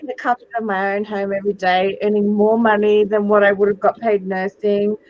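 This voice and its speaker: A woman in her forties, a psychic medium guest, telling stories in a dramatic, animated way and swearing freely on a video call. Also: mid-range voice, fairly quick, no room sound, muffled recording. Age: 40s. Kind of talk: casual video interview chat.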